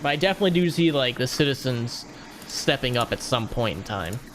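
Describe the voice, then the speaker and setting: Man, podcast host, casual banter, crude jokes, mid pitch, faint background hiss. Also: lively intonation, fairly quick, fairly bright tone.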